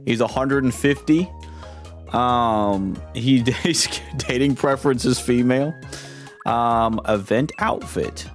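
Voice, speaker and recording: A man's voice: medium pitch, slow pace. Young male streamer, rambling, amused commentary, faint game music underneath. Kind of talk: casual gaming commentary.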